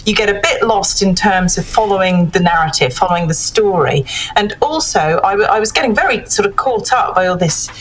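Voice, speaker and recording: A woman giving measured feedback on a piece of writing in a casual panel discussion. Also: medium pitch, animated, slight background noise, rough recording. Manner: thoughtful, measured critique with many fillers.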